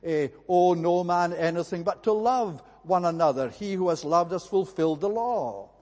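Preacher in a reverberant church hall. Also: male voice, high-pitched, darkish tone. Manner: measured, deliberate, frequent "eh" fillers. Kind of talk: expository sermon.

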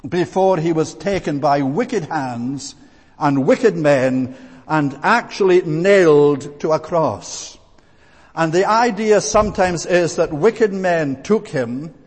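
A man preaching a sermon in an earnest, emphatic and deliberate way. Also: high voice, in a large hall.

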